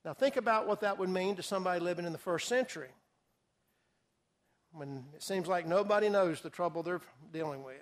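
High-voiced man teaching a Bible class. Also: a little fast. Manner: asks the class questions and repeats their answers; emphatic, repeats key words for stress. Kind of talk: interactive Bible study lesson.

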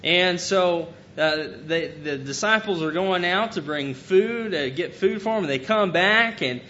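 Earnest male preacher, slightly high voice. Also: lively intonation, a little slow, pushed and bright. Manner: earnest, retells scripture with conversational paraphrase. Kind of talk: sermon. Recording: dull lo-fi recording with faint rumble.

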